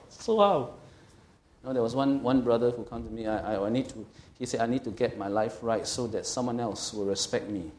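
A middle-aged man delivers a sermon with an emphatic, conversational manner, often pausing to check that his listeners follow. His voice sits at an ordinary middle pitch. The room around him is echoey, like a church hall. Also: a little mellow, slight background noise. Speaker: pastor.

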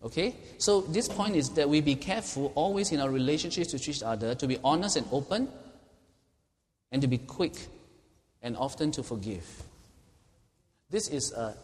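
A man's voice: on the high side, expressive, normal speed, long pauses, a little mellow. A man preaching a sermon as pastor, earnestly repeating key points and asking the congregation questions. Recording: hall reverb, faint ambience.

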